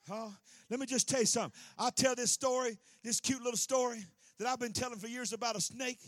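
A man preaching a folksy sermon, telling a story and calling out to the congregation, swinging from hushed to loud. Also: extremely high pitch, steady tone, fast talker, no room sound, clean studio sound. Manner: repeats "huh?" to the congregation.

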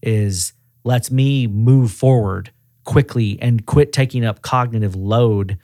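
Animated man telling workplace stories. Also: medium pitch, slow pace, no echo, studio quality. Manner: animated storyteller acting out quoted dialogue. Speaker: auto repair regional director. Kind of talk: casual podcast interview.

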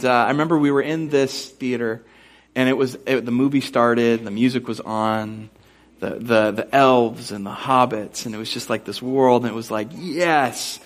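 A young adult man preaching a sermon as a pastor, telling a funny personal story with animated, self-mocking delivery before turning to scripture. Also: medium pitch, slight background noise.

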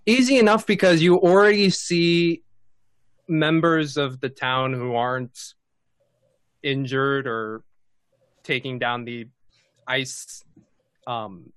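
Relaxed man narrating as game master. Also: medium pitch, slow, long pauses, clean tone, no echo. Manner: relaxed, with many fillers.

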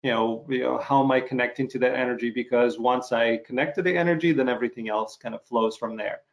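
Russian-speaking male interviewer, measured and unhurried, many fillers; an average voice. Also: medium pitch. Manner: measured, uses many fillers while forming questions. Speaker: interviewer, actor. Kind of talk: interview conversation.

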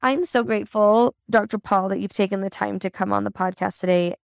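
Scratchy-voiced woman hosting with effusive warmth. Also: medium pitch, brisk, creaky, no room sound, studio quality. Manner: effusive, grateful, restarts mid-sentence. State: scratchy voice while recovering. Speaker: podcast host. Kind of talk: casual interview chat.

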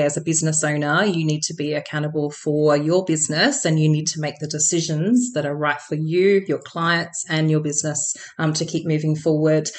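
A woman, a podcast guest answering reflectively with many "um"s and "you know"s. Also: deep voice. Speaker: podcast guest, business owner. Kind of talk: conversational interview answers.

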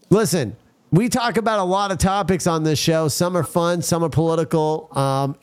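A podcast host with a fairly high, clear and resonant voice runs a casual talk show, ranting bluntly and crudely. He keeps calling out to his listeners as "folks" amid the banter.

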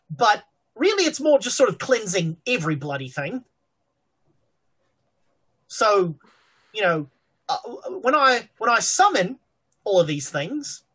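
Woman playing a rambling male sorcerer, chatty and lively, slightly husky. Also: fairly high pitch, heavily acted. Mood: offhand. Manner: rambling, casual, nonchalant about gore. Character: odd, offhand male sorcerer who talks casually.

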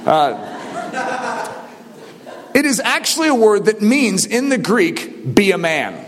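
Man preaching, shouting bursts, echoing hall. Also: sits high, lively intonation, a little slow, long pauses. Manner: swings from quiet to shouted exhortation. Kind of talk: sermon.

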